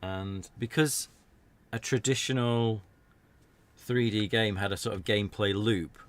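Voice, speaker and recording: A man's voice: fairly low pitch, fairly even intonation, unhurried. A British man giving rambling, jokey commentary while playing a video game. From Britain. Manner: rambling, chatty, jokey asides. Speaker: let's play streamer. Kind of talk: casual gameplay commentary.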